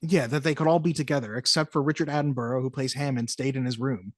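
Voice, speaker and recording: Animated, joking podcast co-host. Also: medium pitch, no echo, clean studio sound. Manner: animated and jokey, slipping into quick mock voices. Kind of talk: casual movie-review chat.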